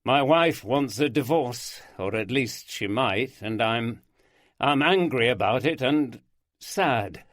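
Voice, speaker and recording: A man's voice: mid-range voice, expressive, slow pace, fairly bright tone, no echo. Blunt yorkshire detective, plain-spoken, dry close sound, a male narrator doing him. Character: middle-aged Yorkshire detective, blunt, theatrical.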